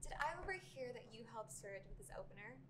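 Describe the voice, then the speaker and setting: Woman playing a chill comedy club host, quick talker, noisy spot. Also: a little high, lively intonation, close to an everyday voice. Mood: upbeat. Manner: friendly, brisk, mixes Spanish into English. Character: upbeat woman running a comedy open mic. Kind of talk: scripted comedy drama acting.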